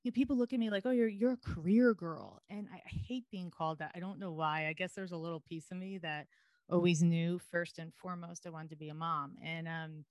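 A woman's voice: fairly low pitch, fast talker, no room sound. A woman from New York, a podcast guest, telling stories in a chatty, frank way and swearing casually. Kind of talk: casual interview chat.

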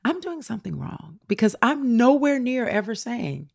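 A woman's voice: on the high side, very animated, moderate pace, creaky, hardly any pauses. A woman co-hosting a casual gossip chat, sassy and playful. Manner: playful, sassy, quotes people in mock voices. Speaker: co-host.

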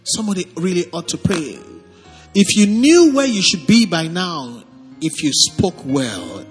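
A man with a Nigerian accent, a pastor preaching and leading prayer, calling on the congregation to respond. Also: high voice. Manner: animated, calls on congregation to respond. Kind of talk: sermon with prayer. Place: church service hall. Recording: long hall reverb, faint music behind.

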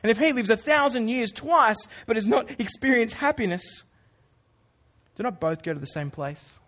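A man's voice: very high voice, lively intonation, moderate pace, fairly bright tone. A man preaching a sermon in a casual, earnest way, with informal asides to the congregation. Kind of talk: conversational sermon.

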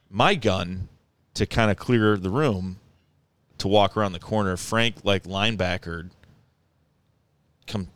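A man with a lowish, smooth, resonant voice tells a story in casual conversation. He rambles and restarts, grows animated as the story builds, and laughs along the way. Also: dry recording. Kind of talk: casual chat, telling a story.

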